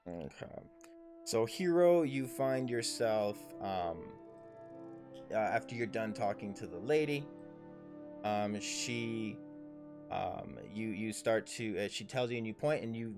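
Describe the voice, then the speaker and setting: A man's voice: lowish voice, expressive, measured pace, music in the background. A man running a tabletop game as dungeon master on a livestream, coaching his players in an instructive way.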